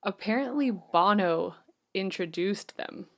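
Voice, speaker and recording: A woman's voice: mid-range voice, a little slow, vocal fry. A woman co-hosting a film podcast in casual chat, matter-of-fact as she recounts trivia. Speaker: podcast co-host.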